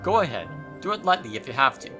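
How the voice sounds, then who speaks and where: A man's voice: medium pitch, very animated, fast. Wry man playing a game, music behind. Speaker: let's play host. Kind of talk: casual game commentary and dialogue reading.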